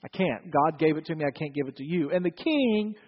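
A man's voice: a little high, lively intonation, fairly quick. A man preaching a sermon to his congregation, conversational and joking with the listeners. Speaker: pastor. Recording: dull, reverberant hall recording.

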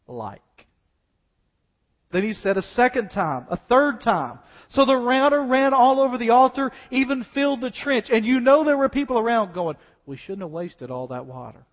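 A man preaching a sermon dramatically, swinging between loud declaiming and hushed asides. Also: a little high. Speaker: pastor. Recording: dull sound with long reverb in a large hall.

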